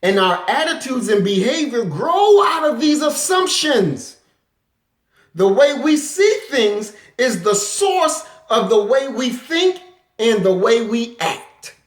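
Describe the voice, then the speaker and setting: Forceful high-voiced woman lecturing. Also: slow pace. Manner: forceful, animated, breaks into acted quotes. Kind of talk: impassioned lecture. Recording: roomy echo.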